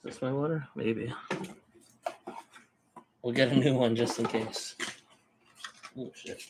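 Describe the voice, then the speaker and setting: A man's voice: medium pitch, steady tone, takes it slowly, creaky, heavy background noise. A man rambling in casual live-stream chat, thinking aloud as he browses card listings. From Canada.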